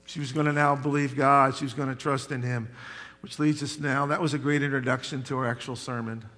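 A man preaching a sermon as pastor, telling folksy stories and building to loud, emphatic points. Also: mid-range voice, flat delivery, a little fast. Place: church sanctuary. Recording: long hall reverb.

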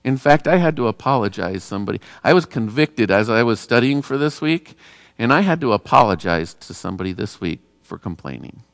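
A man, a pastor, preaching a sermon in a relaxed, conversational way and asking the congregation rhetorical questions. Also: medium pitch, a little fast, vocal fry, no room sound, big-room sound.

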